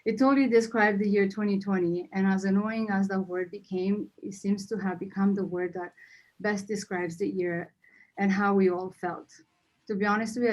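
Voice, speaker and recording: A woman's voice: mid-range voice, darkish tone, dull audio. A woman leading a nonprofit, giving an earnest, heartfelt annual meeting speech and fighting back tears. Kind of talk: emotional speech to members.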